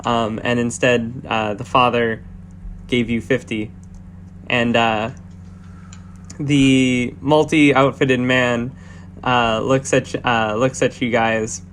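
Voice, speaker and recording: A man narrating as game master of a tabletop game, halting with many fillers and restarts. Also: mid-range voice, flat delivery, fairly bright tone, slight background noise.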